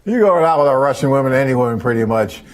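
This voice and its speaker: A man's voice: mid-range voice, animated, quick pace. A man, hosting a live webcast in an enthusiastic, rambling, chatty way. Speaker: host and company head. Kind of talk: casual live webcast talk.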